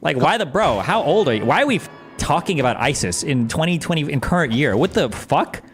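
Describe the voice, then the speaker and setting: Animated sarcastic male streamer. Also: fairly high pitch, brisk. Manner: animated, sarcastic, profane rants. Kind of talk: casual gaming stream reaction.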